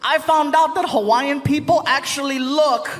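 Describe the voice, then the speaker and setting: A man doing stand-up, animated storytelling, acting out voices and laughing at his own jokes on a theater stage. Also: extremely high pitch, normal speed, faint music behind. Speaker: stand-up comedian. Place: theater stage before a live audience.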